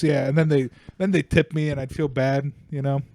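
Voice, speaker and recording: A young Bulgarian man co-hosts a comedy podcast, telling crude, rambling stories and laughing at his own jokes. His voice is on the high side, gravelly and darkish, with a flat delivery at normal speed, and there's no echo.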